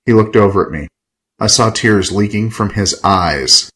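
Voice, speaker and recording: Low-voiced man telling a gritty tale. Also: normal speed, low-quality recording. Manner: gritty, profane, wry. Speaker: storyteller. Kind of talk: first-person scripted narration.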